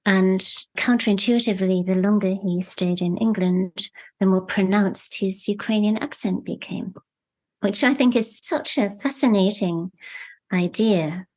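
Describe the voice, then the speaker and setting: A woman novelist talking reflectively in an interview, measured and searching for words. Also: medium pitch, darkish tone. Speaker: novelist guest.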